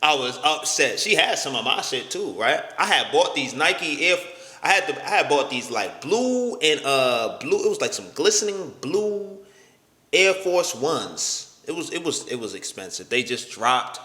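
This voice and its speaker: Recorded in an echoey room with long reverb, a young vlogger tells a personal story casually at a measured pace. His voice sits on the high side, sing-song, pushed and bright, and he stammers, uses slang, and voices the other characters.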